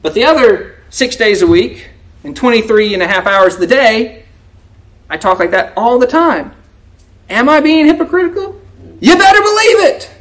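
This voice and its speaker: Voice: mid-range voice, sing-song, moderate pace. A preacher giving a conversational sermon in a folksy way, often asking the congregation "right?" and acting out quoted prayers. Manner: folksy, keeps asking "right?" to check in with listeners; acts out quoted prayers and remarks in a raised voice.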